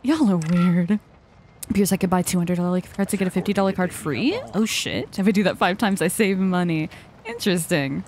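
Young woman game streamer, excitable, swears freely; noisy hiss in the recording. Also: medium pitch. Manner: excitable, swears a lot, laughs often. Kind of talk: casual gaming stream chat.

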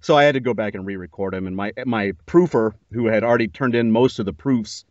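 A man's voice: on the low side, fast talker, no room sound. A man hosting a podcast who talks in an easygoing, conversational way and laughs often. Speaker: podcast host interviewing a narrator. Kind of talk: casual chat. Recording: dull lo-fi dry recording.

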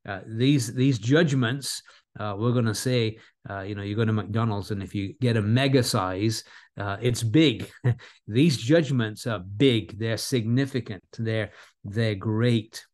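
A man preaching an expository Bible sermon, earnest and deliberate, repeating key words and slowing down for emphasis. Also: fairly low pitch, darkish tone.

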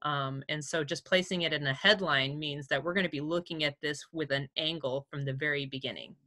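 A woman's voice: deep voice, steady tone, fairly quick, bright, forceful tone. A woman teaching a class over a video call, casual and chatty, with many fillers and easy laughs. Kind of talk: online class lecture.

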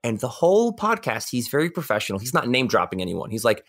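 A man's voice: mid-range voice, big pitch swings, quick pace, vocal fry. A man as a guest on a podcast, chatting casually and rambling with many restarts and repeated words. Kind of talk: casual interview chat.

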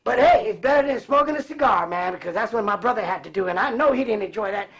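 Animated high-voiced man telling stories. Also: fast talker, muffled recording. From Cleveland, raised in California. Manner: animated, laughs often, acts out voices. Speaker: guest. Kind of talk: casual storytelling.

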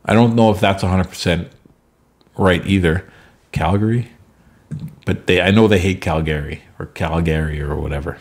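A man's voice: sits low, animated, moderate pace, pauses often. A man giving casual, chatty commentary over a sports sim game from home, drifting into rambling asides. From Canada. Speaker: gameplay commentator.

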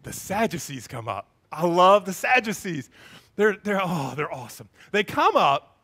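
A male pastor preaching a sermon, telling the story in an animated way and acting out the scenes. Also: high-pitched, moderate pace, slightly rough.

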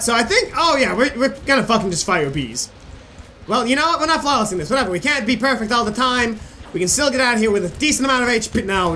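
High-voiced young man doing game commentary. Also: sharp tone, slight background noise. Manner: rambling, joking, swearing freely. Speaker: gaming channel host. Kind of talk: let's-play commentary. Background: faint game music.

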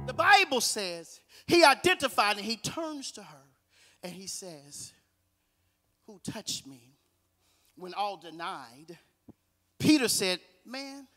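A man preaching in a church sanctuary with a very high, bright, forceful voice. He pulls the congregation into call-and-response, dropping almost to a murmur and then shouting or half-singing his lines. Music plays faintly behind him. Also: long reverb tail. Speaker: guest preacher. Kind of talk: sermon.

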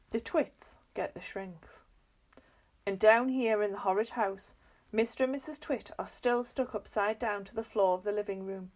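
A woman reading a children's book aloud in a lively, expressive storytelling manner. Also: medium pitch, normal speed, poor audio.

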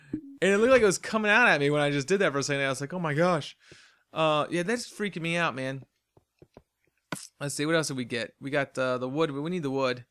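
A yawning, tired man narrates his own gameplay in loose, rambling commentary, chatting to himself as he goes. His voice sits a little high and sounds bright and sharp, with a faint hiss behind it. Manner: rambling, chatty, talks to himself while playing. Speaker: let's play host.

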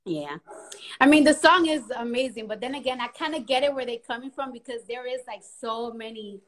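High-pitched giddy woman rambling on a phone live. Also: steady tone, brisk. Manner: giddy, nervous, rambling, loud laughs and squeals. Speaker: Instagram live co-host. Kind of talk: casual live-stream chat. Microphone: phone camera.

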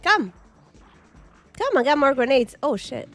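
A woman giving excited, chatty commentary while playing an arcade game, with squeals and laughs. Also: high-pitched, a little slow, soft background music. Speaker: gaming streamer.

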